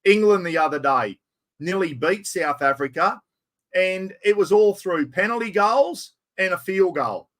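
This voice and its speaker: A middle-aged Australian man hosts a relaxed camping live stream, chatting casually in a blokey way, greeting viewers and swearing freely. His voice is slightly high and he talks a little slowly.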